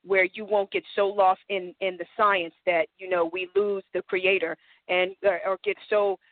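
A co-host sharing thoughts on a religious talk show, speaking haltingly with many fillers. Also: mid-range voice, level tone, no room sound. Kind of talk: conversational talk show remarks. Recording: dry tinny phone line.

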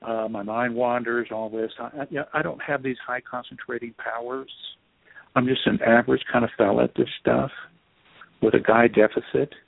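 A man, an author guest in an interview, telling a story in an animated, self-deprecating way over a phone line. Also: medium pitch, normal speed, creaky, no echo. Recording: tinny dry phone line.

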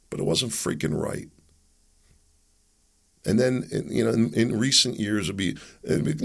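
A man's voice: medium pitch, vocal fry, a bit bright, husky. A man from the United States hosting a podcast of impassioned political commentary, fervent and preachy, firing rhetorical questions and repeating words when heated. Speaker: podcast host.

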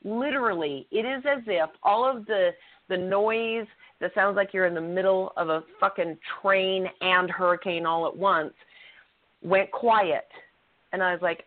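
A woman's voice: on the low side, normal speed. A middle-aged woman co-hosting a talk show, telling a personal story in an earnest, blunt way and swearing freely. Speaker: co-host. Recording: tinny phone-line audio.

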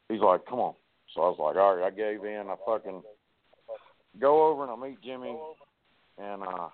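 A man with a drawl tells rowdy, profanity-laced stories, acting out each line of dialogue. His voice sits low and comes through a thin, tinny phone-like line. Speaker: wrestler guest. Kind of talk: casual storytelling on a podcast.

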